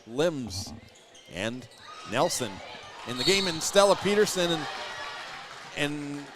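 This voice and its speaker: A man doing live play-by-play for a high school basketball game from the gym stands, rattling off plays and shouting on big moments. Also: sing-song, takes it slowly, background noise. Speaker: play-by-play announcer.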